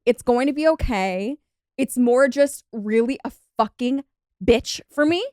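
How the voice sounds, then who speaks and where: A young woman co-hosting a podcast in casual chat, venting in an animated, profane way. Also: a little high, measured pace, no room sound, studio quality. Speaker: podcast co-host.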